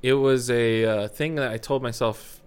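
A man's voice: medium pitch, normal speed, clean tone. A man who works as a film and music video director, talking casually on a podcast and acting out the calls on a film set. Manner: animated storyteller, acts out set calls and quotes.

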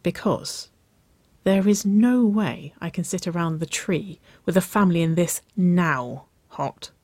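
A reader voicing a playful young woman in a romance story, teasing and breathless, pitched above the narration. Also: measured pace, darkish tone, no echo.

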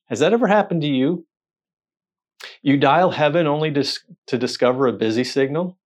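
Man preaching an animated sermon. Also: on the high side, a little fast. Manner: animated storytelling with rhetorical questions and quoted voices.

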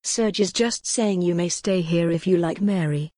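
A woman voicing a calm, soothing young man in a cult who speaks with quiet control in a gothic audiobook. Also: sits high, normal speed, no room sound, clean studio sound, close to an everyday voice.

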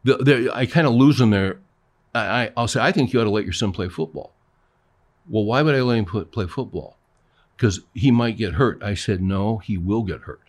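Speaking a little fast with lively intonation, this older pastor and co-host has a mid-range voice. His talk is casual storytelling in which he acts out both parties in dialogues.

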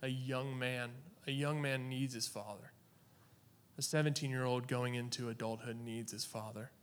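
A man from Oklahoma giving a personal faith testimony in an earnest, halting way, with long dramatic pauses. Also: medium pitch, flat delivery.

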